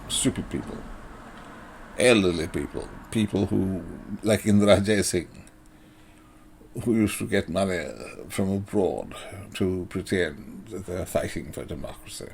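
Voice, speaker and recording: Slow, gravelly, sardonic man. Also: deep voice, slight background noise. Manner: sardonic, blunt and profane, with many fillers and chuckles. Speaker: political commentator. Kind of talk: monologue commentary.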